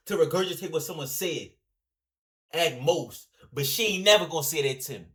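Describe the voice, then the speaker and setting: A man hosting a reaction video, talking casually and rambling in a slangy, animated way, often addressing his viewers directly. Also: a little high, normal speed.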